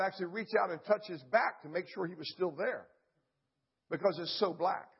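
Husky high-voiced older pastor telling a story. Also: male voice, dull audio. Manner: animated storyteller with sound effects. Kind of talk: storytelling sermon.

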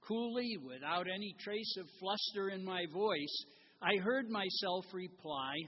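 An older man preaching a sermon and reading a story aloud with gentle humor, recorded in a church. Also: sits high, lively intonation, a little slow, slight background noise. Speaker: guest preacher. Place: church sanctuary. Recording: dull recording in a large reverberant church.

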